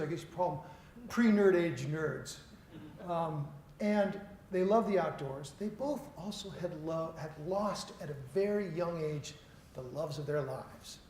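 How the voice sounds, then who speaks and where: A man's voice: on the high side, darkish tone. A middle-aged man from Seattle giving a conference keynote lecture, conversational and self-deprecating as he tells stories to an audience. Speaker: keynote speaker. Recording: echoey hall, faint noise.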